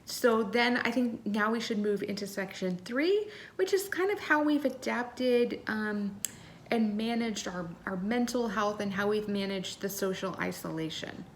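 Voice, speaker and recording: A woman's voice: medium pitch, expressive, unhurried, slight background noise. A woman co-hosting a casual podcast, talking in a chatty way with many ums and self-corrections. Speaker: podcast co-host.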